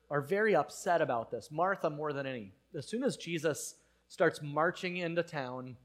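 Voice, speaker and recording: A man's voice: fairly high pitch, fairly bright tone. A man preaching a conversational sermon, telling the story casually with frequent fillers. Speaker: pastor.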